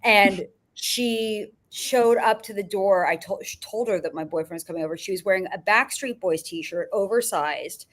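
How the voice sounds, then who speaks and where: A woman's voice: mid-range voice, normal speed, few pauses, a bit bright. A woman filmmaker guest on a podcast, telling profane, rambling anecdotes and often laughing. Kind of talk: casual storytelling.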